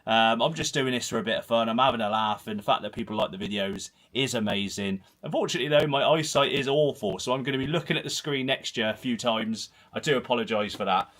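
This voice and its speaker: A man's voice: medium pitch, fast, few pauses, a bit bright. Male host in his thirties with a Herefordshire and Gloucestershire accent, chatty and rambling, streaming from a small home room. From Herefordshire, England. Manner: rambling, chatty, self-deprecating. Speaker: host of a football channel livestream. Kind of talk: casual solo livestream chat, reading comments. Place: small dark home room full of football shirts.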